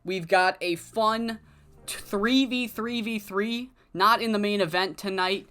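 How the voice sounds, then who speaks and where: A casual game commentator narrating a wrestling sim save, excitable and swearing freely while paraphrasing characters' promos. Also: mid-range voice, unhurried, clear, resonant tone.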